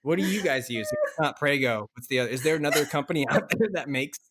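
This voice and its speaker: A man co-hosting a casual podcast chat, playful and quick to laugh, repeating words as he tries them out. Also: medium pitch, expressive, a bit bright. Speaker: podcast co-host.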